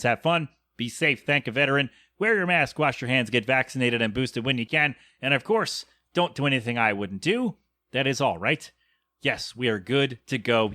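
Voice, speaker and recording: A man's voice: medium pitch, pushed and bright, dry recording. A man hosting his own podcast, signing off in a meandering, self-deprecating, jokey way. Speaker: podcast host. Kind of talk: rambling solo podcast sign-off.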